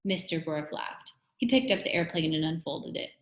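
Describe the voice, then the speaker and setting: Lady reading a kids book out loud, lowish voice, acts out the lines, kinda echoey room. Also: moderate pace. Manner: expressive storytelling, acts out the characters' lines. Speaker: reader. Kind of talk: reading a children's book aloud. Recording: roomy echo.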